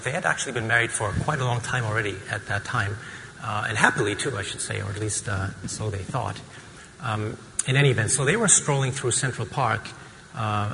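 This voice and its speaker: A man's voice: on the low side, pushed and bright. Male physician presenter, casual and joking, in a reverberant hall with faint room noise. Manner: casual and joking, with many fillers. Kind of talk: conference lecture.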